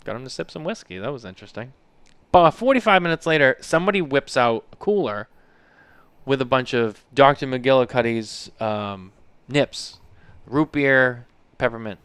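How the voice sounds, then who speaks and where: A man in his thirties co-hosts a podcast in loose, casual chat, rambling through his stories with plenty of "like" and "you know" and the odd swear word. His voice is smooth and clean, with medium pitch. The sound is dry and close. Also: lively intonation, moderate pace, fairly bright tone, no echo. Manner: rambling storyteller, swears freely, heavy use of "like" and "you know". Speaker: podcast co-host.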